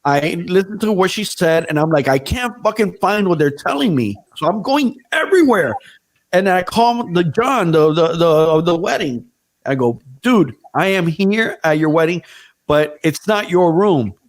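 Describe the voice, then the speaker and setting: A man's voice: on the high side, animated, unhurried. A man casually telling a story on a podcast, swearing freely and acting out what other people said.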